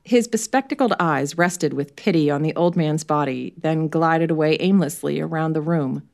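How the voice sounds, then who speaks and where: A woman narrating a story aloud in a measured reading voice. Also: low voice, gravelly, darkish tone.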